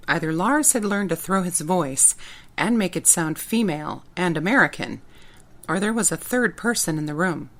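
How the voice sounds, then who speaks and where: Woman author narrating her audiobook, first person, low and steady. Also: normal speed. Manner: plain, steady storytelling.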